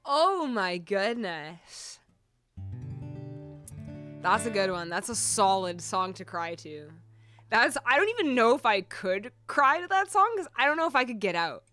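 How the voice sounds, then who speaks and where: A woman's voice: medium pitch, very animated, moderate pace, sharp tone, soft background music. A woman livestream host chatting casually and emotionally between songs, reading out viewers' comments, with many fillers and laughs. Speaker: streamer and singer.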